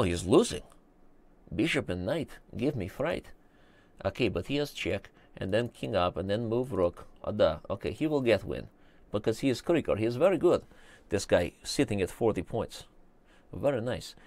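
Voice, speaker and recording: A man voicing Uncle Sasha, a joking older Russian chess commentator, in a mock Russian accent and broken English, muttering quietly. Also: fairly low pitch, very animated, moderate pace, gravelly, no echo. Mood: amused.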